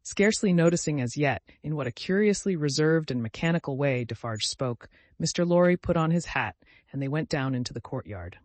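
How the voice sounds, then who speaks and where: A man narrating an audiobook in a measured, even delivery. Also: on the high side, no room sound.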